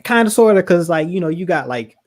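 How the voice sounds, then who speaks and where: A man co-hosting a podcast in casual chat, animated, with quick asides and laughs. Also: high voice. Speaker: podcast co-host.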